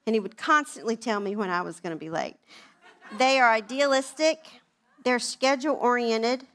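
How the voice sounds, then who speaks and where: A woman around sixty, giving a chatty, humorous personal talk at a women's event. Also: mid-range voice. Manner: animated, chatty storytelling.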